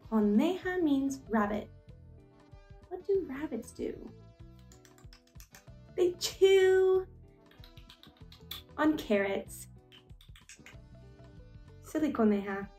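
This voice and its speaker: Sing-song woman coaxing toddlers, slow. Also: high voice, a little mellow. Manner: slow, deliberate repetition for toddlers. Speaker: children's language teacher. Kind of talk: children's educational talk. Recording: echoey room with faint music.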